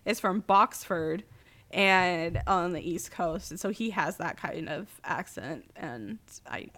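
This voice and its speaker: A woman's voice: lowish voice, takes it slowly, a bit bright. A young woman co-hosting a true crime podcast in casual chat, laughing often. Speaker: podcast co-host.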